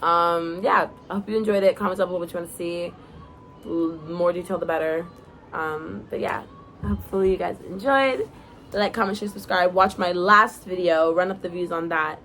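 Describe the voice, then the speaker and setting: A woman's voice: lowish voice, moderate pace, fairly bright tone, a little hiss or hum, poor audio. A young woman casually reading her own story aloud to viewers, breaking off into giggly, chatty asides.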